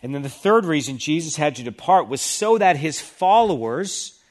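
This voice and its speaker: A male pastor delivers a sermon in a slightly higher-than-average voice. He reads scripture passages aloud with emphasis, then explains them to his listeners. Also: sing-song, moderate pace.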